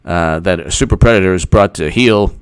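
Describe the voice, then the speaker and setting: Sarcastic man with a gravelly voice. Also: low voice, fairly quick, dry recording. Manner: sarcastic, mocking, animated. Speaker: political commentator. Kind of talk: reading an article aloud with mocking commentary.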